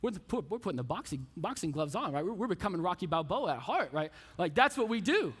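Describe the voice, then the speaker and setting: A man's voice: high-pitched, fast, husky. A man preaching a youth sermon, telling stories with lots of casual asides. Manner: casual, animated storytelling with frequent asides. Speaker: youth pastor. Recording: reverberant hall.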